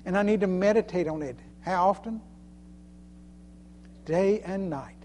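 A man's voice: sits high, measured pace, darkish tone, a little hiss or hum. A man preaching a sermon in a folksy way, chuckling often and repeating phrases for emphasis. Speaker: preacher and Sunday school teacher.

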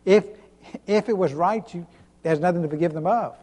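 High-voiced preacher man in an echoey hall. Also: fairly quick, a little mellow. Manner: emphatic preaching, repeats and restarts, chuckles. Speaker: pastor. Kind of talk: sermon. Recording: long hall reverb.

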